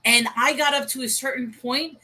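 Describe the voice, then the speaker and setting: A woman's voice: sits high, fairly even intonation, normal speed, pushed and bright, husky, low-quality recording. A woman co-hosting a casual livestream discussion, chatty and laughing at her own pronunciation. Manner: chatty, self-deprecating about pronunciation; reads viewer chat aloud and greets viewers.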